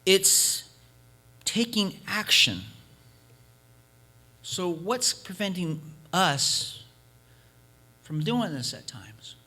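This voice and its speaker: A man's voice: high voice, big pitch swings, extremely slow, long pauses, bright, forceful tone. A male preacher giving an emphatic sermon, hammering points by repetition and telling a folk story. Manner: emphatic, repeating points for force.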